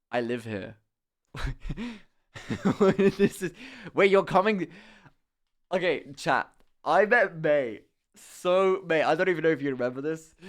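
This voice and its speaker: A young man streaming live, chatting casually with viewers and telling an animated, swear-laden story with frequent laughter. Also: on the high side.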